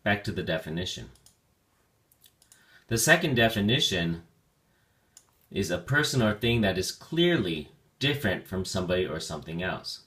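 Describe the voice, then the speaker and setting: A man with a very low voice teaches a vocabulary lesson. He talks slowly and with care, and he stretches out the key words so learners can follow along. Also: big pitch swings, a bit bright.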